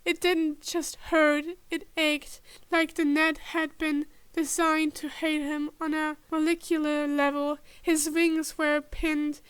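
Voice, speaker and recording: A woman reads a fan-written story in a slow, measured way. Her voice is high and bright but stays level in pitch. The recording is close and dry. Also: level tone, no room sound. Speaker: podfic reader. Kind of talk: reading fanfiction aloud.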